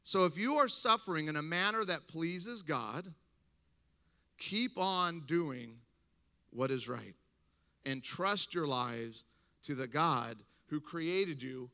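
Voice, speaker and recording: A middle-aged pastor preaches a sermon in a slightly high-set voice with a strikingly bright, forceful tone, animated yet slow. He alternates between reading scripture aloud and addressing the congregation with emphatic, conversational asides.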